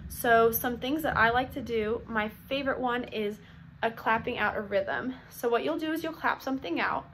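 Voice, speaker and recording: A young woman preschool teacher explaining classroom routines to other teachers, upbeat and clear, now and then acting out the call-and-response chants she uses. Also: on the high side, normal speed, background noise. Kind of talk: instructional talk to teachers.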